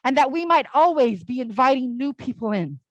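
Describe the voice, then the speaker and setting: Lively, high-voiced woman giving a sermon. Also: brisk, no echo, lo-fi sound. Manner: casual, storytelling, with frequent "like" fillers. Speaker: speaker at a church service. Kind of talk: conversational all-ages sermon.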